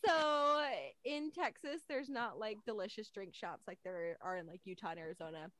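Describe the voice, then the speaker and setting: A woman's voice: medium pitch, normal speed, fairly bright tone, no room sound. A woman hosting a podcast, telling chatty family stories and laughing often. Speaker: podcast host. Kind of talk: casual chat.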